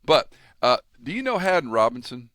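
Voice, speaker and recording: A man in his sixties hosting a conversation, telling stories with lively acted-out quotes. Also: medium pitch, moderate pace, dry recording, studio quality. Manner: animated storyteller, acts out quoted voices. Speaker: podcast host and pastor. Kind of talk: casual conversation.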